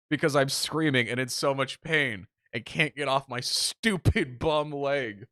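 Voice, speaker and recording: A man co-hosting a podcast, telling a story in casual chat with an animated, self-mocking manner and free swearing. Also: mid-range voice, moderate pace, hardly any pauses, no room sound, studio quality. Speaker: podcast co-host.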